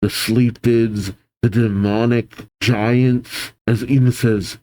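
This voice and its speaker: A man's voice: medium pitch, fairly even intonation, slow pace, a little mellow, poor audio. A man hosting a manga reaction, reading the panels aloud and reacting with frequent exclamations.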